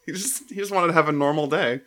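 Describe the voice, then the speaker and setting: A man's voice: fairly high pitch, sharp tone, slight background noise. A man running a tabletop game as game master. He laughs often, jokes at his own expense, and halts on fillers. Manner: laughing, self-deprecating, halting fillers.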